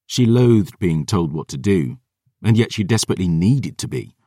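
A man narrating a first-person audiobook in a dramatic, expressive storytelling manner. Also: low-pitched, normal speed, breathy edge, no room sound, clean studio sound.

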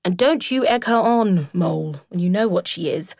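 A woman voicing a sensible, thoughtful female rat in a storybook reading, speaking in a measured way. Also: on the low side, animated, a little mellow, dry recording, clean studio sound. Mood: reasoning.

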